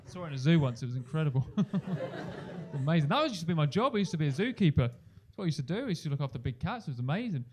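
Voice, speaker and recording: A young male comedian works a club stage through a handheld mic. His voice sits a touch high, and he keeps it lively, jumping into loud, high-pitched impressions of the people in his stories. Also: rapid-fire, crowd noise, background noise. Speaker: stand-up comedian. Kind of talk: stand-up comedy set.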